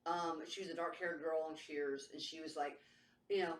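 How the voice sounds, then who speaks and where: A woman guest casually telling a story, animated, swearing freely and acting out what people said. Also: low voice, moderate pace, distant mic, slight background noise. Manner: animated, acts out quotes in exaggerated voices, swears freely. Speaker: podcast guest. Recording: roomy sound, voice set back from the mic.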